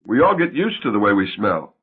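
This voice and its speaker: A man plays a shy, oddball grown man in an audiobook play, husky and deadpan, dryly mocking himself. His voice still moves up and down a good deal under the flat delivery. It all comes through thin and tinny, like a phone line. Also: on the low side, fairly quick, voice pushed down.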